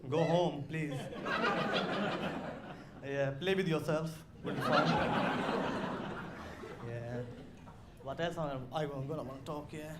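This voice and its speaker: A man from India with an Indian accent, doing a slow, deadpan stand-up comedy set on a club stage. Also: on the high side, heavy background noise. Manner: slow, deadpan delivery with crude punchlines. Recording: roomy live club sound with audience.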